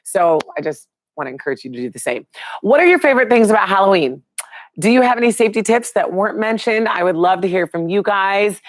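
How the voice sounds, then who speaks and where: A woman's voice: lowish voice, no echo. A middle-aged woman hosting a live online show, chatting casually and upbeat with viewers and reading out their names.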